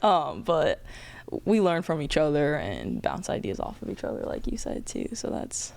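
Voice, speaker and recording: A woman's voice: deep voice, wildly swooping pitch, normal speed, creaky, a little mellow. A young woman working as a police K9 handler, chatting casually in an interview and laughing often.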